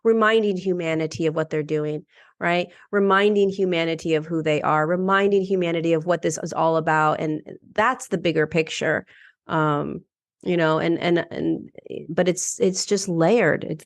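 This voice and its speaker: A woman's voice: lowish voice, moderate pace. A middle-aged woman guesting on a podcast, talking in an earnest, reflective way and often restarting her sentences. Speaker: podcast guest, ascension teacher. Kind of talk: casual conversational interview.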